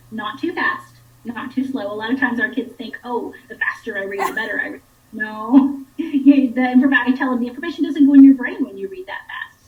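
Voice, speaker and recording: A woman's voice: on the high side, reverberant, far from the mic, phone-quality sound. A woman instructional coach patiently explaining reading skills to parents. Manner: patient, clear teacherly explaining.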